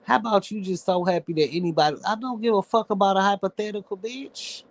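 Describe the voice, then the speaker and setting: A man's voice: high voice, fairly even intonation, fast, no room sound. A man hosting his own show, ranting casually in a blunt, sassy, heavily profane way. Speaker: show host. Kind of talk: casual livestream rant.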